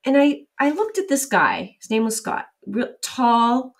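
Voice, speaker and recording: A middle-aged woman speaking as an interview guest, telling lively stories and acting out quoted exchanges. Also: fairly high pitch, a little slow, recorded from a distance. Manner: animated storyteller, acts out quoted exchanges. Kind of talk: casual interview storytelling.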